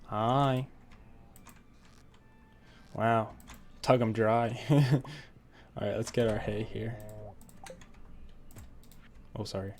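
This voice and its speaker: A man's voice: fairly low pitch, fairly even intonation, very slow, pauses often, slight background noise. Chatty young man narrating gameplay. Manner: rambling, chatty, lots of fillers and laughs. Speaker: let's play gamer. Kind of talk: casual gameplay commentary with storytelling.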